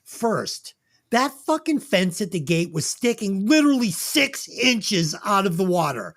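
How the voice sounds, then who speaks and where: A podcast host ranting through a comedic movie review, swearing a lot, going from loud to low. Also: unhurried. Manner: animated, swings between loud and low.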